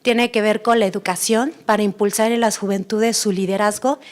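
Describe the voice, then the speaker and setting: A woman's voice: medium pitch, fairly even intonation, fast talker. A woman from the audience asking a panel a question, nervous and polite.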